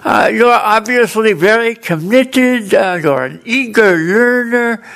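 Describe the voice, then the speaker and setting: A man's voice: sits high, expressive, slow pace, vocal fry, a bit bright, voice pushed up, heavily acted. A man voicing a female German tutor who is kindly polite but bluntly frank. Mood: gently frank. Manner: tactful then bluntly frank.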